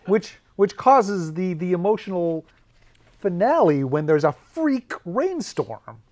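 Dry teasing guy cohost, quick asides, lively voice. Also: high-pitched, a little hiss or hum. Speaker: podcast co-host. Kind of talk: casual chat.

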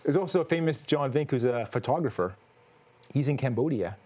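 A younger man hosting a comedic talk show, joking in a playful, deadpan way. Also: medium pitch, brisk. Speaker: host.

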